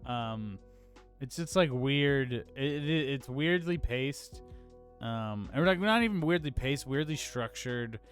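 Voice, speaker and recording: A young man with a mid-pitched voice chats casually as a film podcast co-host. He hedges and fills his sentences with "like". Faint music plays underneath. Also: lively intonation, takes it slowly. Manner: loose, hedging, many "like"s.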